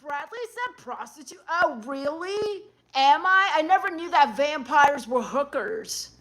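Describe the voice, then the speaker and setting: A woman hosting a live stream, reading her chat aloud and answering it with dry sarcasm. Her voice sits high and light. She mocks and snaps back at the messages. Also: expressive, a little slow, fairly bright tone. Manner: sarcastic, mocking.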